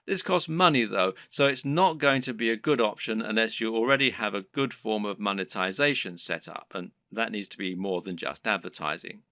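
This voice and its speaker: A man narrating scripted advice on running an online business, in a lively explanatory delivery. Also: fairly low pitch, normal speed, few pauses, no echo, clean studio sound.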